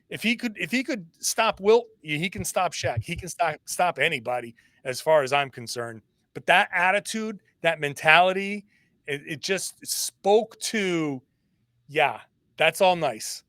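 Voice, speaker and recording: A man guesting on a sports podcast, telling stories in an animated, conversational way. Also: a little high, a little slow, no room sound. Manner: animated storytelling. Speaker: podcast guest, fellow host. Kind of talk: casual sports podcast discussion.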